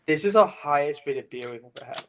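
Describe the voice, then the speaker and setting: A man's voice: a little high, animated, brisk, fairly bright tone. A man from England, a brewery co-founder, chatting as a podcast guest, rambling with lots of "you know" and "like". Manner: rambling, many fillers and restarts. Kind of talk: casual interview chat.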